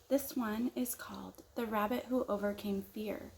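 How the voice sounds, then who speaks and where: A woman leading children's story time at church with expressive storytelling. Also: a little high, measured pace, slight background noise, low-quality recording.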